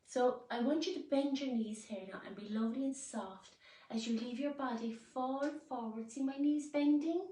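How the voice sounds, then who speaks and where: A woman leading a guided movement class, speaking gently and soothingly, with sudden loud playful roars. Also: sits high, moderate pace. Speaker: movement and wellbeing instructor. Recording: roomy echo, voice from some distance.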